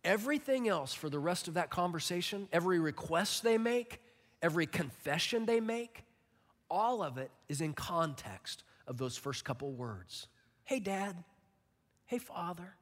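A pastor in his forties preaching a sermon, animated and emphatic, acting out little stories. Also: a little high, normal speed. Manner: animated, emphatic storytelling with acted-out quotes. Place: church auditorium. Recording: long reverb of a large hall.

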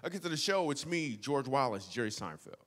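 A young man telling a stand-up comedy story, animated and playful, swinging from hushed asides to loud outbursts. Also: mid-range voice, fairly quick. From Michigan. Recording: long hall reverb.

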